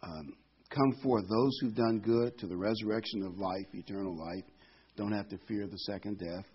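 A man's voice: fairly low pitch, normal speed, husky, lo-fi sound. A man giving informal Bible teaching as a preacher, folksy, with corny jokes and frequent ums.

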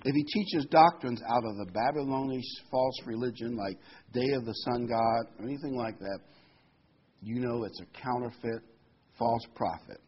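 A man's voice: medium pitch, dull audio, slight background noise. A man preaching a sermon, reading Bible verses aloud and explaining them with folksy asides and a joke.

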